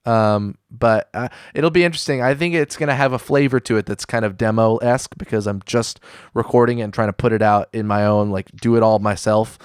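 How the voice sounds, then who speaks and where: A man hosting a podcast who talks in a measured, reflective way, often pausing with fillers as he works through his thoughts. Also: fairly low pitch, steady tone, clear, resonant tone, dry recording, studio quality. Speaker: podcast host. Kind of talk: casual podcast conversation.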